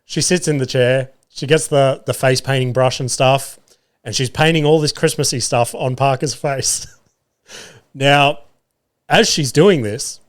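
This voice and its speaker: A man's voice: medium pitch, steady tone, measured pace. Swearing Australian man telling stories. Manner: swearing, laughing, acting out family voices. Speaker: podcast host. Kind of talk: casual storytelling monologue.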